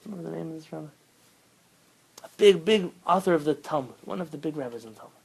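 A man, a rabbi, teaching an informal Torah class, telling stories with lively bursts of emphasis and sprinkling Hebrew terms into his English. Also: a little high, fast, gravelly, slightly rough, low-quality recording. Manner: animated storytelling, rising loud when quoting.

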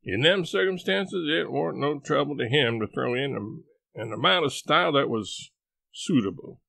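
A man narrates a classic novel in folksy dialect, his pitch rising and falling with the story. His voice has a gravelly grain, and the recording is close and dry with no room around it. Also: expressive, normal speed, bright, forceful tone, no room sound. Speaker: audiobook reader.

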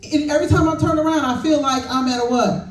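A woman's voice: high voice, steady tone, quick pace. Older female minister, emotional call-and-response sermon, echoey church hall from a distance. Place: church sanctuary.

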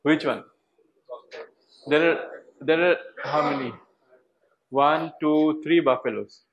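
Indian english guy lecturing a class, bit high voice, asks lots of questions, repeats stuff. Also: takes it slowly, highs cut off. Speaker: university lecturer. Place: lecture hall.

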